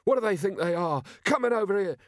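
A man's voice: high voice, expressive, quick pace, no echo, clean studio sound, pitched above the performer's own voice. A man voicing a nervous but defiant male rioter in an audiobook reading, speaking in a blustering way.

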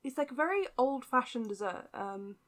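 A woman's voice: high-pitched, expressive, moderate pace, fairly bright tone. Laughing British woman guest. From United Kingdom. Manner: laughs often, good-humoured. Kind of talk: casual podcast chat.

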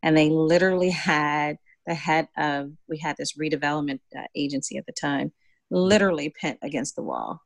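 Lively woman telling a story, dry sound. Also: low-pitched, fairly quick, no echo. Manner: animated storyteller, acts out voices in dialogue. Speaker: community developer and guest. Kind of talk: casual storytelling conversation.

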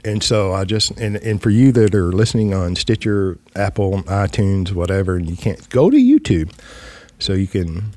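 A man's voice: low voice, very animated, moderate pace, mellow, dry recording. A man hosting a podcast, bantering casually with his wife and poking fun at himself. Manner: joking, self-deprecating banter. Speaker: podcast host. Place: small studio set.

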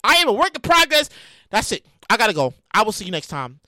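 A high-pitched man hosts a solo podcast into his microphone at home, swinging his voice wildly up and down as he rambles and bursts into shouts. His tone is bright and sharp, and the room sound is close and dry. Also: huge pitch swings, fast talker, no room sound. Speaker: podcast host.

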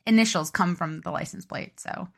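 A woman's voice: lowish voice, normal speed, gravelly. A young woman co-hosting a podcast, chatting in an easygoing, upbeat way. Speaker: podcast co-host. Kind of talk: casual chat.

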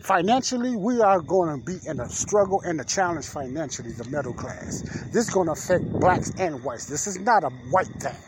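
A man, hosting a casual political talk podcast outdoors at night, folksy and preachy, often clearing his throat. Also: on the high side, animated, a little fast, hardly any pauses, background noise. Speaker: podcast host. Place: outdoors in the dark.

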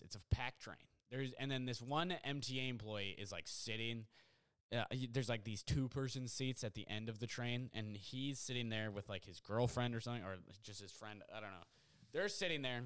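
A young man hosting a podcast alone from his apartment, telling a story in a rambling, excitable way full of fillers. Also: lowish voice, smooth. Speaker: podcast host. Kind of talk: casual storytelling monologue. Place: apartment at home.

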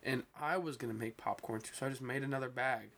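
A man's voice: medium pitch, fast, creaky, a bit bright, slight background noise. A man co-hosting a podcast in casual chat, rambling and swearing as he loses his train of thought. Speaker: podcast co-host.

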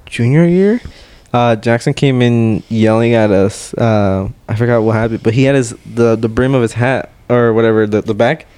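A young adult man co-hosting a podcast, telling stories in casual chat with a halting, filler-heavy delivery. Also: medium pitch, a little mellow, clean tone. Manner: halting storyteller with many fillers and restarts. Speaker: podcast co-host.

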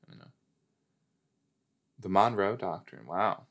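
Hosting a casual watch-along podcast, a man chats playfully with his listeners, giggling and calling them "you guys." His voice is low and a bit bright, and he doesn't rush.

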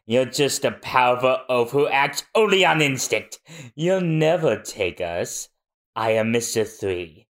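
A man's voice: medium pitch, expressive, measured pace, close to an everyday voice. A man voicing a scheming, boastful male villain from a comic who taunts and cackles. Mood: gloating. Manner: gloating with cackling laughs, sly and taunting.

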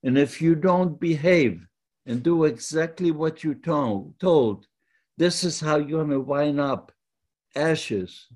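A man's voice: on the high side, slow, voice pushed up. An old man recounting a sneering barrack overseer. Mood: contemptuous. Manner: sneering, shouting taunts. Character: harsh male barrack overseer, contemptuous inmate.

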